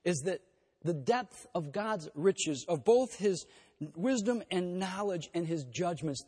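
A man preaching a sermon to his congregation, swinging between loud emphatic points and hushed intimate asides. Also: sits high, lively intonation, measured pace. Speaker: pastor. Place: church sanctuary. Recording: breathy voice in a long-reverb hall.

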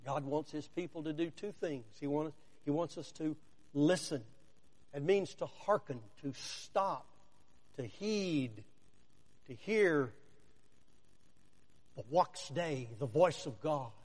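A man preaching a sermon, deliberate and emphatic, with long dramatic pauses and rhetorical questions aimed at the listener. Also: fairly high pitch, a little mellow. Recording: long hall reverb.

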